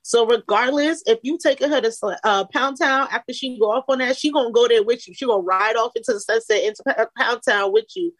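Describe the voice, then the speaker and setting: A female podcast co-host in casual chat, blunt and teasing, calling out her co-hosts. Her voice is slightly high, captured close and dry. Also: fast, few pauses, fairly bright tone, no room sound, low-quality recording.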